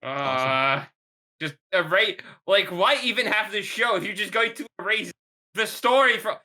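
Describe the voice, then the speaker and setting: A man co-hosting a podcast, talking in halting casual chat with lots of restarts. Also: high voice, lively intonation, bright, forceful tone. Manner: halting, restarts a lot when worked up. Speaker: podcast co-host.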